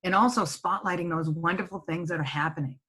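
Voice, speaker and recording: A woman's voice: fairly low pitch, fast, pushed and bright, breathy edge. A middle-aged woman giving a webinar presentation from home in a conversational way, often checking in with "right?". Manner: conversational, tags points with "right?". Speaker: senior living presenter. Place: home office.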